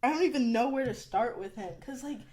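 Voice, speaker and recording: A woman's voice: a little high, lively intonation, a little fast, darkish tone. Chatty young woman, exasperated. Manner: chatty, exasperated storytelling with frequent "like". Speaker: podcast host. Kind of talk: casual chat.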